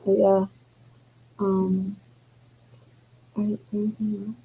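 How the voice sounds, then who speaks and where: A woman's voice: medium pitch, monotone, slow, mellow, slightly rough, low-quality recording. A woman with a Southern US accent, co-hosting a casual chat show in a chatty, drawling way with many fillers. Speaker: podcast co-host.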